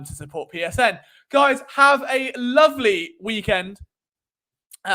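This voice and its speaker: A man's voice: high voice, sharp tone. A young man hosting a live sports stream, rambling and playful with lots of fillers. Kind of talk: casual live-stream chat.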